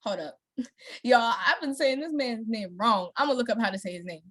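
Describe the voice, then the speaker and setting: A woman's voice: on the high side, lively intonation, a little fast, a bit bright, breathy edge. A young adult woman chatting casually as a gameplay vlogger, rambling with many fillers and laughing easily. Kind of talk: casual chat while playing a story game.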